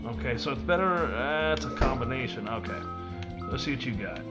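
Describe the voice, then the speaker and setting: A man's voice: mid-range voice, animated, fairly quick. A man hosting a let's play from home, reading game dialogue aloud in a plain voice and adding wry asides. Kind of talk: casual gameplay commentary. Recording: game music playing under the voice.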